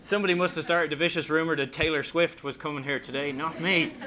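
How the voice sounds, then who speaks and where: A man's voice: fairly high pitch, steady tone, fast talker, crowd noise. A man with an Irish accent giving a comic, self-deprecating talk as an author, telling stories to an audience. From Ireland. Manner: self-deprecating, joking storyteller.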